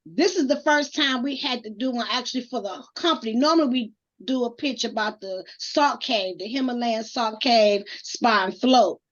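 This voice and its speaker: A high-pitched woman talks in a casual group chat on a dull, lo-fi recording. She sounds earnest, often stops to correct herself, and asks the others for honest feedback. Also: moderate pace, hardly any pauses. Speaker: co-host. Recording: dull lo-fi audio.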